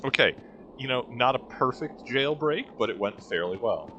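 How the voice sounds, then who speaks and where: A man's voice: medium pitch, animated, normal speed, pushed and bright, dull audio, a little hiss or hum. Sardonic man riffing over a game. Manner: sardonic, jokey and rambling. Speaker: let's-play host. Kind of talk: casual gameplay commentary.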